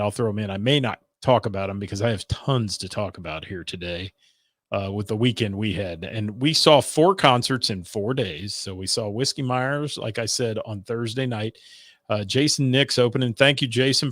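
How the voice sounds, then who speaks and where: A man with a fairly low pitch and fairly bright tone hosts a music radio show, recorded at studio quality with no room sound. In a casual live-stream chat he rambles with lots of fillers, reading out viewer comments and thanking people for them.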